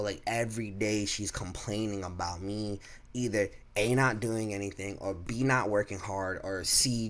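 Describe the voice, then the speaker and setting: A man in his twenties telling a casual storytime monologue. He swears freely, leans on fillers and restarts, and acts out what people said. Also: on the low side. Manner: profane, animated, lots of fillers and restarts, acts out quotes. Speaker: vlogger.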